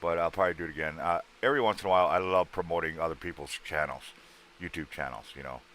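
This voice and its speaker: A livestream host, voice worn from a prior show, banters loosely and names viewers as he greets them. He's a low-voiced, fast talker with a slightly bright sound, and a little background noise can be heard.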